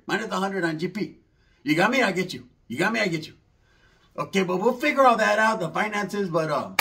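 A man's voice: high-pitched, gravelly, fairly bright tone. A man doing a rambling, slangy comedy monologue, mixing in Spanish words.

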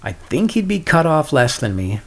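A middle-aged man hosting a solo podcast, talking in a wry, deadpan way with sarcastic asides. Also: a little high, moderate pace, gravelly. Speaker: podcast host.

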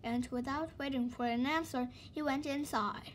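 High-voiced woman reading a storybook. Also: normal speed, a little hiss or hum. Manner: lively, expressive read-aloud. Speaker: storybook reader. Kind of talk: reading a children's book aloud.

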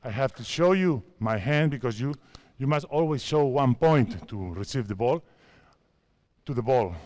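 A man in his fifties from Spain, a basketball coach speaking halting English with a Spanish accent as he directs players through drills at a clinic. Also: mid-range voice, darkish tone. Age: 50s. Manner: halting non-native English, repeats phrases, directs players.

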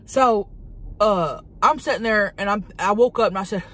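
A woman's voice: medium pitch, normal speed, lightly acted. A woman playing a brash, hot-tempered woman, who rambles profanely and dramatically in a comedic monologue from a parked car. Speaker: vlogger.

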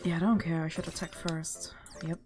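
A young woman streaming a game, commenting live, excitable and swinging between groans and shouts. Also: low voice, a little fast. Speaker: VTuber streamer. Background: faint game music.

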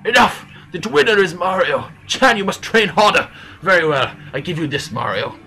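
A woman's voice: fairly low pitch, animated, normal speed, sharp tone, poor audio. A woman voicing a frail old male dojo master in a game let's play, speaking formally between coughs. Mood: commanding. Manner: formal, stately speech broken by coughs. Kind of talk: game let's play, reading dialogue aloud.

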